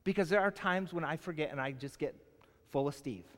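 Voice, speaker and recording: A male pastor in his forties preaching a sermon, telling a personal story in an animated, casual way full of "like". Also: a little high, brisk. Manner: animated storytelling, colloquial, lots of "like". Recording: long hall reverb.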